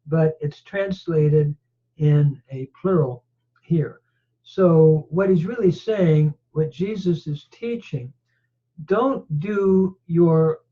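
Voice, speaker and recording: A man teaching a Greek grammar lecture on scripture. He goes through the text word by word in a methodical way and often pauses to hesitate. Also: a little high, breathy edge. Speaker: Bible teacher. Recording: dull lo-fi recording.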